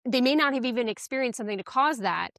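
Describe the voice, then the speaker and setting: A woman with a slightly high voice hosts an interview podcast, thinking aloud and reflecting, often adding "like" and "right". The recording is dry and close to the mic. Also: expressive, fast talker, fairly bright tone, dry recording. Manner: thoughtful, reflective, many filler likes and rights. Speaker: podcast host.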